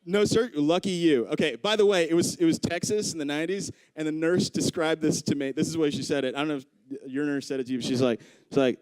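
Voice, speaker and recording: A man's voice: fairly high pitch, fast talker, clear, resonant tone, dry recording. A young adult man doing stand-up, telling a story and acting out the people in it. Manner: animated, acts out voices of people in his story. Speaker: stand-up comedian. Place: comedy club stage.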